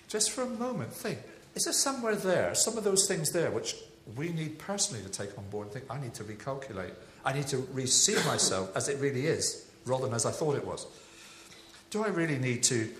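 A man from Devon, preaching a sermon in a chatty, anecdotal way with animated rises. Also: on the high side, slight background noise. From England (Devon). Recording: echoey hall with faint ambience.

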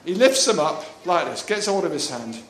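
A man's voice: on the high side, sing-song, moderate pace, a bit bright. A man preaching a chatty, jokey sermon, laughing often and acting out the voices in the story. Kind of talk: lively sermon. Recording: echoey room with faint ambience.

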